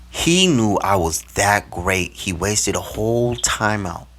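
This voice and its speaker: A young man from Minnesota telling a personal story to camera in a casual, slangy, animated way, swinging between loud and hushed. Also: fairly low pitch, unhurried, hardly any pauses. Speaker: vlogger.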